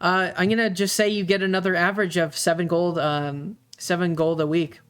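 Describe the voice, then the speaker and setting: Laid-back game master, middle pitch. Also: brisk, smooth. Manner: relaxed, full of fillers. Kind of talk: running a tabletop game.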